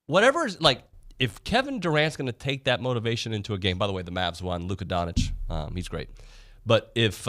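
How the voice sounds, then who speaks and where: A man co-hosting a sports radio show, chatting casually and with strong opinions. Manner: animated, opinionated, voices quotes in a high put-on tone.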